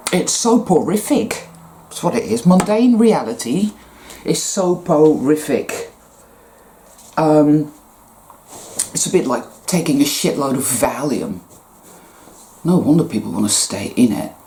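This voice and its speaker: A woman's voice: low voice, mellow, slight background noise. A woman giving a casual monologue as a spiritual vlogger, blunt, profane and sarcastic.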